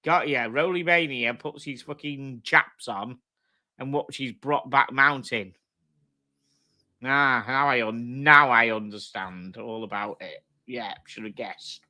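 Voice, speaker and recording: A man's voice: medium pitch, slow pace, pushed and bright. A man hosting a casual live stream, reading comments aloud and trading sweary banter with viewers. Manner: sweary, blokey banter, laughs often. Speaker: livestream host. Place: at home with dogs.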